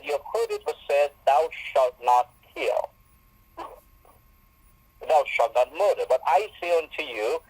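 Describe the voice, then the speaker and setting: A man's voice: a little high, a little mellow, low-quality recording. A man giving a Bible teaching in a sermon style, emphatic and repeating phrases for stress.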